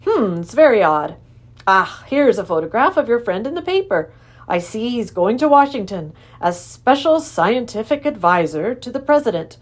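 A brisk, skeptical middle-aged father talking over the Sunday paper, as a woman reads him aloud. His voice moves about a lot, with a doubtful edge to it. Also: fairly high pitch, sing-song. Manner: brisk, doubtful, then quietly proud.

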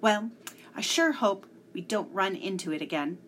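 A woman voicing an excited young boy explorer who talks in eager, urgent exclamations, reading a storybook aloud. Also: mid-range voice, moderate pace, a little hiss or hum, lightly acted. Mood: earnest.

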